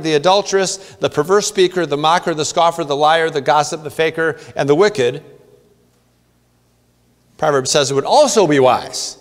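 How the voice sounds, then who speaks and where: Male pastor, earnest sermon delivery, slightly high voice, church-hall reverb. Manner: earnest preaching, reading scripture aloud, playful asides. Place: church sanctuary.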